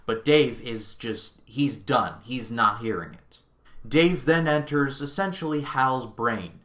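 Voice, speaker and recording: A young man chats about a film in a relaxed, amused video review. He speaks slowly, with a bright, forward voice. The recording carries a clear room echo. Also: medium pitch. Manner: chatty, amused, recounting scenes. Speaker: movie reviewer. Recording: echoey room.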